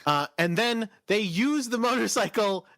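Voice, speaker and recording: A man's voice: high-pitched, expressive, moderate pace, gravelly, pushed and bright, no room sound, clean studio sound. A man co-hosting a podcast in casual chat, recapping an episode in a rambling, self-correcting way. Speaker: podcast co-host.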